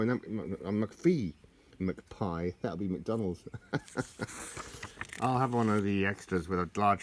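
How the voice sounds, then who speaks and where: A man's voice: on the low side, slight background noise. A middle-aged man chatting casually and joking his way through an old book, laughing at his own jokes. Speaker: vlogger leafing through an old tartan book. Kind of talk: rambling casual chat.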